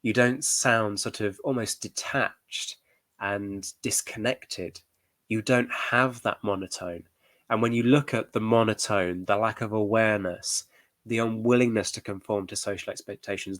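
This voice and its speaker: A male historian talks through his reaction in a low voice, weighing his points carefully and often pausing on fillers. The sound is close and dry, with no room around it. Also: no room sound. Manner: thoughtful, hedging, many fillers. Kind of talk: reaction commentary.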